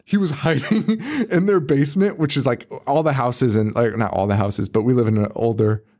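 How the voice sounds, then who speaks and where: A man with a medium-pitched, slightly mellow voice speaks at a moderate pace while co-hosting a casual podcast. He rambles through a story, swearing a lot and laughing frequently.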